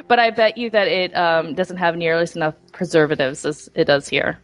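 A woman's voice: lowish voice, expressive, moderate pace. Wry, blunt woman on a podcast. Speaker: podcast co-host. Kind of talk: casual chat.

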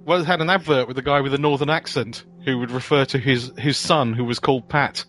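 A man's voice: mid-range voice, fairly even intonation, fast talker, a bit bright. A British man co-hosting a podcast, chatting casually and joking around. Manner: jokey, recites old jingles. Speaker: podcast co-host. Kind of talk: casual chat.

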